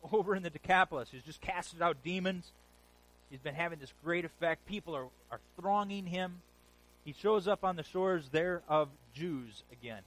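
A man's voice: sits high, fairly bright tone, poor audio. A man preaching a sermon, telling stories with animation and repeating phrases for emphasis. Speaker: pastor.

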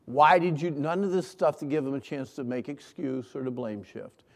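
A middle-aged man preaching a sermon, leading call-and-response and swinging between hushed and loud lines. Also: medium pitch, expressive, normal speed, vocal fry. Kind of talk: sermon to a congregation. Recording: long hall reverb.

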